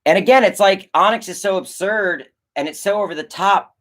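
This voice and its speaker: A young man, a filmmaker, chatting casually on a livestream and answering chat, rambling and animated, swearing and acting out conversations. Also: high voice, normal speed. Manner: animated, rambling, swears, acts out quoted exchanges.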